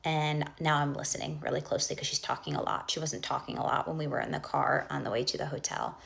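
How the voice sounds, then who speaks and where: A woman's voice: sits low, little pitch movement, quick pace, vocal fry, a bit bright. A young woman telling a personal story in casual storytime style, rambling with lots of fillers and restarts, and often dropping to a whisper for asides.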